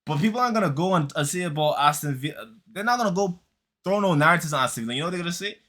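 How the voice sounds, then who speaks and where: A man's voice: a little high, animated, rapid-fire, a bit bright. A man giving a heated, mocking football reaction commentary, using street slang and repeating lines for emphasis.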